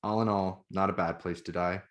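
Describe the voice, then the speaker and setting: A man, the author, reading his own novel aloud in measured, even narration. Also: low-pitched.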